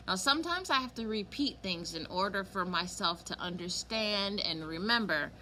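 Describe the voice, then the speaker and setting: A woman teaching a kindergarten lesson online, speaking slowly and clearly and stretching words for small children. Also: mid-range voice, expressive, pushed and bright, slight background noise.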